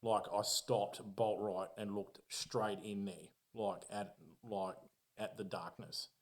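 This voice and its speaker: Australian man, podcast guest, slightly low voice, swears freely, animated storyteller, casual chat. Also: slow. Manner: profane, animated, acts out his own reactions.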